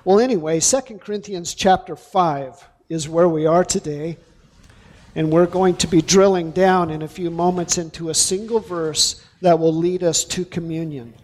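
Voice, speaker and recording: A male pastor preaching a sermon, deliberate and emphatic, drawing out key words. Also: fairly high pitch, fairly even intonation, darkish tone.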